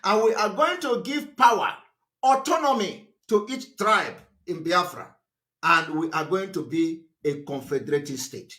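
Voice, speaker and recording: Male broadcaster, high bright voice, emphatic speech with repeated rhetorical questions. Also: lively intonation, measured pace. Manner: emphatic, repetitive, asks the audience rhetorical questions; fillers and restarts, pitch swings up and down. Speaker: political broadcaster. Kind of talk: live political broadcast speech.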